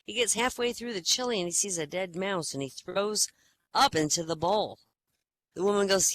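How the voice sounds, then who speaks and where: A woman hosts a comedy night over online voice chat and strings jokes together in a loose, chatty way. She rambles and hesitates with plenty of fillers, in a voice of middling pitch, with faint noise behind her. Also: animated, normal speed, sharp tone, poor audio. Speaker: comedy open-mic host. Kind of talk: casual joke-telling. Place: online virtual-world voice chat.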